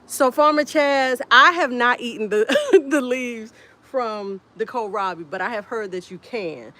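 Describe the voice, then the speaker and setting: A woman hosting a casual homestead live stream outdoors, chatting in an unhurried way and greeting viewers by name. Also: on the high side, pushed and bright. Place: outdoors in a windy garden. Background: faint wind and outdoor ambience.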